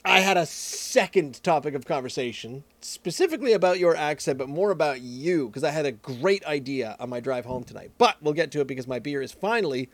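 Animated man chatting, rambling and restarting. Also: fairly high pitch, a little fast, hardly any pauses, no echo. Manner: animated, restarts and trails off mid-sentence. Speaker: podcast co-host. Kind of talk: casual chat.

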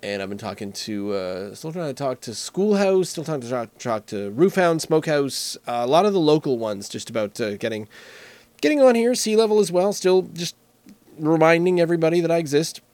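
A man's voice: on the high side, animated, fairly quick, a little mellow, no echo. A man casually reviewing beer alone, rambling and joking with frequent restarts. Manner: rambling, self-correcting, jokey. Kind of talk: casual solo talk.

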